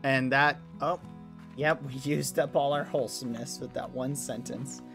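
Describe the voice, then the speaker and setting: A man's voice: medium pitch, fairly even intonation, moderate pace, vocal fry. A man livestreaming a game, chatting with his viewers in a playful, teasing way, with game music behind him. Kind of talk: casual game stream chat.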